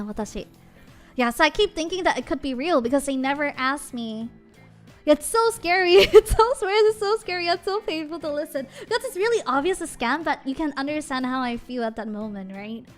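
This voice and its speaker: High-voiced woman streamer chatting animatedly. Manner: animated, giggly, switches between English and Japanese. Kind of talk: casual livestream chat.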